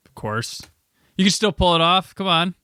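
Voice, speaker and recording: A man's voice: high voice, moderate pace, clean tone, no echo. A man hosting a podcast and chatting casually, telling stories and acting out the voices of people he quotes. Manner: animated storyteller, acts out quoted voices. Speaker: podcast host. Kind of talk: casual chat.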